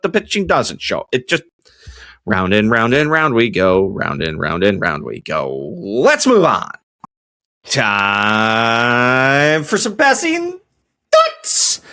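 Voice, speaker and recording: A man's voice: fairly high pitch, bright, forceful tone. A man hosting a podcast, telling stories casually and rambling with many restarts. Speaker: podcast host. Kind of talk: casual storytelling.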